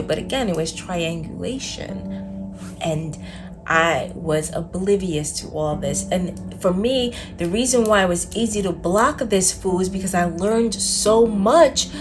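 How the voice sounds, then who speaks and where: A woman vlogger talks candidly about her own experience in a mid-range voice, with a loose, conversational delivery full of fillers. She is blunt and exasperated, and she leans on slang for emphasis. Soft music plays faintly underneath. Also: medium pitch, lively intonation, a little slow. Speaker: self-development vlogger. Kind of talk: casual personal storytelling to camera.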